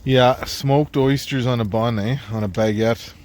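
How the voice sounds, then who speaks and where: A man's voice: mid-range voice, fairly even intonation, measured pace, a little mellow. A man, chatting casually through a winter camping vlog at a snowy riverside campsite. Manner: laid-back, chatty, jokey. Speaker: vlogger.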